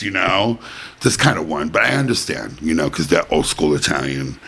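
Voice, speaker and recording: Speaking at a moderate pace in an extremely low, husky, sharp voice with vocal fry, a middle-aged podcast host chats casually from a white-furnished room in his home. He rambles, leaning on "basically" and "you know".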